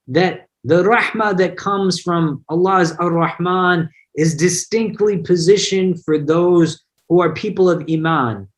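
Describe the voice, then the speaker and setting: A man, an imam, giving a conversational online religious lesson, explaining word meanings and mixing in personal anecdotes. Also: high-pitched. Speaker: imam teaching an online class.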